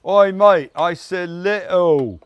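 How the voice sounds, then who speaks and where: A man's voice: sits high, slow, smooth, muffled recording, voice pushed up. A man doing a put-on East London accent as a blunt, swearing Cockney who scolds the cooking pot. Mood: scolding. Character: brash Cockney man barking at a stove. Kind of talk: comic impression while cooking.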